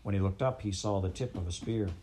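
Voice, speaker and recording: A man reading a children's storybook aloud in a steady, measured way. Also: low-pitched, noisy background. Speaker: audiobook reader. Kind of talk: storybook narration.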